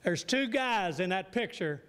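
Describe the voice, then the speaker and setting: A man with a high voice preaches a sermon in a church sanctuary, and the room rings with a long reverb. He keeps asking his congregation questions and waiting for them to answer back. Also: lively intonation, unhurried, fairly bright tone, smooth.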